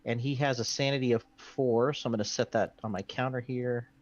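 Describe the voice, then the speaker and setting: A man on a live board game stream walks through the rules in a chatty, filler-laden way. His mid-pitched voice comes through somewhat dull and lo-fi. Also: fairly even intonation, brisk. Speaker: board game show host.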